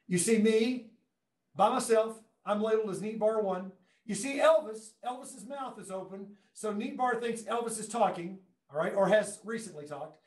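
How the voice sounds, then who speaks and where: A fairly high-voiced man gives a lively webinar demonstration from his classroom, cracking jokes and addressing the audience directly. His voice is picked up by conference microphones across the room, so it carries an echoey, roomy sound. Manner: enthusiastic, joking, talks to viewers directly. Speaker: education technology presenter. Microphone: room conference microphones at a distance.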